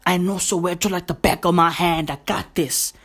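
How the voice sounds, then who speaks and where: A woman's voice: on the low side, steady tone, moderate pace, breathy edge. A woman voicing her cocky teenage younger brother, who brags in swaggering slang. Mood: boastful.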